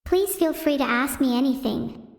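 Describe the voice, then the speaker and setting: A woman's voice: high-pitched, lively intonation, moderate pace. A synthetic woman's voice imitating a polite, formal AI assistant speaking in a stiff, formal way. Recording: echoey with long reverb.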